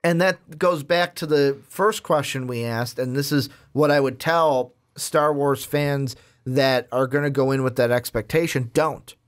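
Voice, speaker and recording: A young man co-hosting a casual movie chat, rambling and animated. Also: medium pitch, unhurried, hardly any pauses. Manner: rambling, animated, swears now and then. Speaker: podcast co-host.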